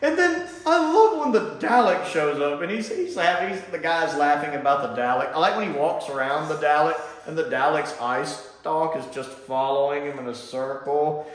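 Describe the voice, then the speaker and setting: Guy from mississippi chatting away about a tv episode, lively voice that jumps around, laughs a lot, really echoey room. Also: fairly high pitch, normal speed. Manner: animated and chatty, laughs often, does mocking voices. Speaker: reviewer. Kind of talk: casual review commentary.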